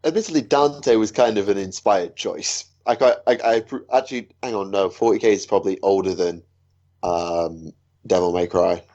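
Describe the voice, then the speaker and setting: A man's voice: low-pitched, normal speed, darkish tone, highs cut off. A man co-hosting a casual podcast chat, teasing and hesitant, with frequent ums. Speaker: podcast co-host.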